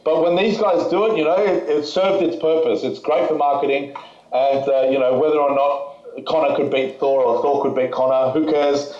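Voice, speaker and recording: A man's voice: on the high side, steady tone, normal speed, darkish tone. A man speaking frankly as a podcast guest, rambling with fillers and restarts. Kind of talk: casual conversation. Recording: echoey, slightly dull audio.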